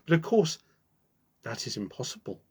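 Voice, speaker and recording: A man's voice: medium pitch, sing-song, normal speed, a little mellow, slightly rough. A man voicing an earnest, lovestruck young prince in a storybook reading. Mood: wondering.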